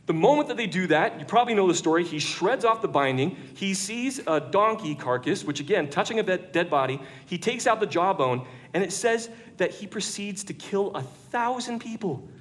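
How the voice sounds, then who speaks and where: A man preaching a lively storytelling sermon to an audience in a large church room, jokey and conversational. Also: sits high, moderate pace, hardly any pauses.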